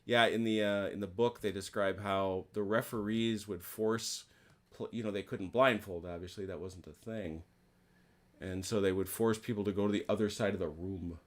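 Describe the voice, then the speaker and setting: A man's voice: fairly low pitch, fairly even intonation, normal speed. A man running an online naval wargame as umpire, chatting casually in a folksy, playful way with jokey exclamations. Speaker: game umpire.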